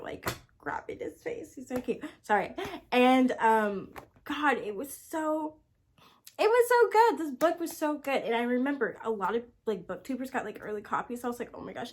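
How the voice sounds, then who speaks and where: A woman's voice: on the high side, fairly bright tone. Gushing young woman chatting about books. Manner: gushing, enthusiastic, lots of "oh my gosh" and "like". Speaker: book vlogger. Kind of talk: casual chat. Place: home, indoors with her cat.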